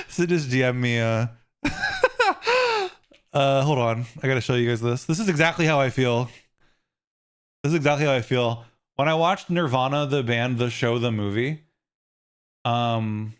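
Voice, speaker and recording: A man streaming a game, chatting casually and rambling, swinging from high squealing outbursts to low trailing mumbles, swearing freely. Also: smooth. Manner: rambling and excitable, jumping into high squeals and mock outrage. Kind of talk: casual livestream chat while gaming.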